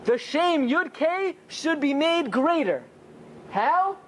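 A man teaching a Torah class as a rabbi, often asking rhetorical questions and answering them himself, with pitch that swings high and low for emphasis. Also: animated, takes it slowly, fairly bright tone, a little hiss or hum. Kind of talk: Torah class with Talmud study.

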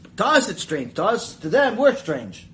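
A man's voice: sits high, normal speed, poor audio. A man teaching a Mussar lecture, telling stories, acting out the voices in them and wandering into chatty asides. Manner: animated, acts out the voices in his stories. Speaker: Torah teacher.

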